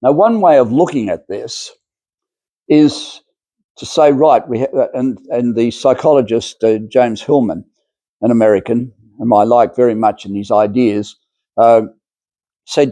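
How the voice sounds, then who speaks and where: An older man lecturing on spiritual topics in a rambling, unhurried way, stopping and starting with fillers as he goes. His voice is mellow and dark, sitting at a middle pitch for a man. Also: no room sound. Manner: rambling, hesitant, many fillers and restarts.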